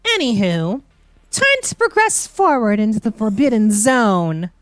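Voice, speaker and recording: A woman's voice: on the high side, wildly swooping pitch, unhurried, no echo, faint music behind. A young woman playing through a game with playful, theatrical, teasing commentary. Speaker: gaming streamer. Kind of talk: let's play commentary.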